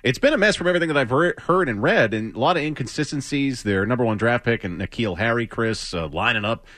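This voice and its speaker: A man hosting sports talk radio, chatting in a lively, wry way and quick to joke. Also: medium pitch, no room sound, clean studio sound. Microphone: studio microphone.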